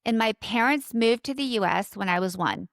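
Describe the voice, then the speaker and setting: A woman in her fifties with a Southern California accent tells her own story as a podcast host. Her voice is smooth and clear, recorded close and dry with no room sound. She speaks in a reflective, conversational way, dropping in light self-deprecating asides. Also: on the high side, moderate pace, no room sound. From born in South Korea, raised in Southern California. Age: 50s.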